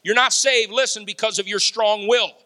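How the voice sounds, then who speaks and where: A man preaching a sermon, animated, laughing and acting out quotes. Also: sits high, moderate pace. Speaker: pastor.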